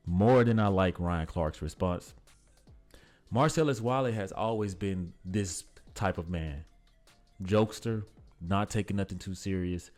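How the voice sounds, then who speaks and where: A man giving blunt, exasperated sports commentary in a casual vlog, often calling the listener "bro". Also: lowish voice.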